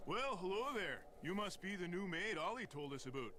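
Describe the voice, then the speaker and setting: A chatty, lively game lodge guest. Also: male voice, sits high, a little fast, exaggerated voice. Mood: friendly. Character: friendly folksy adult male lodge guest. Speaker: game character. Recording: game audio with clear background noise.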